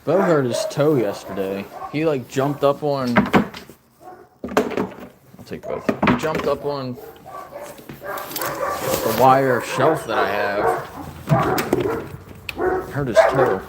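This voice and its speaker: A man giving casual running commentary at a dog rescue, chatting to camera and talking to his dogs in a high sing-song voice. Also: slow pace, long pauses. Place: outdoors and indoors at a dog rescue, with dogs around. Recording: loud background noise, dogs barking.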